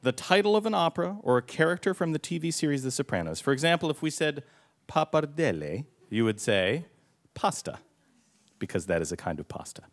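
A man's voice: a little high, brisk. A man running a quiz game, explaining the rules and reading clues with dry jokes. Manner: dry, jokey, animated delivery. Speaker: quiz master.

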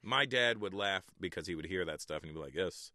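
A man's voice: low voice, expressive, quick pace, pushed and bright, no room sound, clean studio sound. A Canadian man in his forties, a comedian guest in a radio interview, talking in a laid-back, candid and blunt way.

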